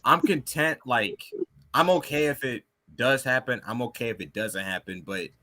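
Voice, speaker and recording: A man co-hosting a casual podcast, animated and blunt, swearing freely as he gives his opinions. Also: mid-range voice, moderate pace. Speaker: podcast co-host.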